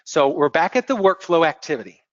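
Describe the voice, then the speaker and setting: A man presenting a software demo on a screen-share webinar, explaining step by step in a relaxed way and often repeating words as he clicks. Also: on the high side, fairly quick, dry recording. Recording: dull lo-fi webinar audio.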